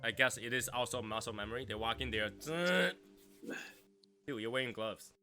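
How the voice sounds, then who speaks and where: A man's voice: medium pitch, little pitch movement, quick pace, pushed and bright, soft background music. A man hosting a livestream chat who rambles, restarts his sentences and reads viewer messages aloud. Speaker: livestream host. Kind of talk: casual chat.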